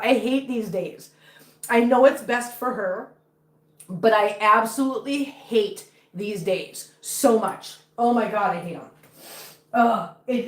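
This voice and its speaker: A woman talks casually to her livestream viewers from home, rambling and emotional, her worry close to the surface. Her voice sits a little high. The room around her is echoey. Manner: chatty and emotional, anxious about her cat. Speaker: cat-owning live streamer. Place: home with many cats.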